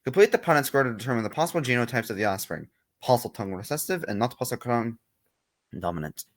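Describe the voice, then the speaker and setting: A man's voice: medium pitch, lively intonation, fast. A man in a class reading a problem aloud, hesitant and apologetic and stumbling over words.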